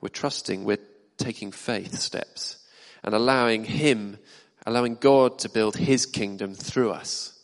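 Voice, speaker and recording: A man with a fairly low voice preaches a sermon, chatting to the congregation and asking them questions. His voice carries a long hall reverb, as if picked up in a church hall. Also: a little slow, few pauses. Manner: conversational, asks the congregation questions.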